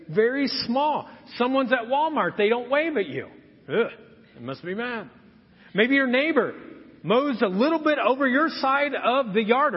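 Animated pastor preaching in an echoing hall. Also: male voice, very high voice, husky. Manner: animated storytelling, acting out quotes. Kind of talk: sermon. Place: church sanctuary. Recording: muffled sound in a reverberant church hall.

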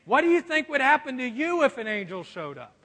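A man with a very high, bright, forceful voice preaches a lively sermon, joking and acting out little quotes along the way. His voice rings out with the long reverb of a large hall. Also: fairly quick. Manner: animated, joking, acts out quotes. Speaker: pastor.

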